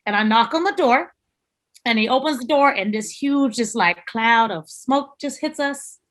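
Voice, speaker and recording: A young adult woman, a chef guest on a podcast, telling a story in animated casual talk and swearing freely. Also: on the high side, normal speed.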